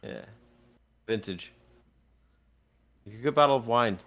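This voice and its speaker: A young man hosts a casual gaming podcast and keeps the banter going. He throws out playful wordplay and quick jokes in an easy, mid-pitched voice. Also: lively intonation, creaky, a bit bright. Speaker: podcast host.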